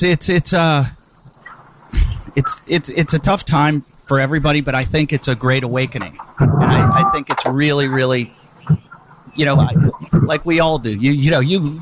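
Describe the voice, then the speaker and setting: Halting podcast host man, noisy recording. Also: mid-range voice. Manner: halting, many restarts and repeated words. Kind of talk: casual chat. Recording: audible background noise.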